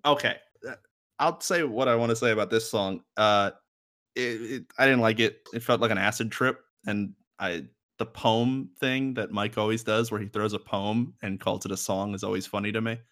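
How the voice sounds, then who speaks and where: A man co-hosting a podcast in an easy, offhand way, mostly short replies and dry asides. His voice is low-set but bright and forward. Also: fairly even intonation, moderate pace. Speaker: podcast co-host. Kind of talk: casual podcast chat.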